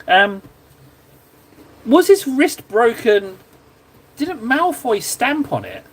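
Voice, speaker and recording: A man with an extremely high, sing-song voice, slow and breathy at the edges, hosts a live stream while painting miniatures. He chats casually, rambles, pokes fun at himself, and easily drifts off topic.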